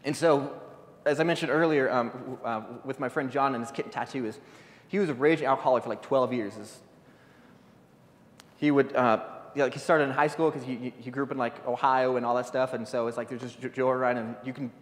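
A man's voice: medium pitch, fairly even intonation, a little fast. A man giving an informal guest sermon, talking off the cuff with many stumbles, repeated words and restarts. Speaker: guest speaker. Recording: long hall reverb.

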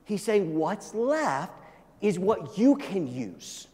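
A man's voice: sits high, big pitch swings, takes it slowly, mellow, big-room sound. A male pastor preaching an emphatic sermon, urging his listeners again and again to listen.

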